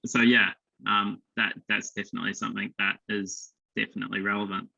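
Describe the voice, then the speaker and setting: A man's voice: fairly low pitch, flat delivery, fairly quick, gravelly, pushed and bright, dull audio. A man speaking as a panelist, modest and hesitant with fillers.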